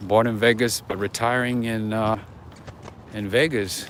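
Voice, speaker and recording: A man with a somewhat low voice chats to his livestream viewers while walking city streets. He speaks into a handheld phone, so traffic and street noise come through clearly. His talk is loose and unscripted. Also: steady tone, unhurried, a bit bright. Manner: chatty, talks to viewers, often whispers. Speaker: livestream walking-tour host. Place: outdoors on city streets near a waterfront.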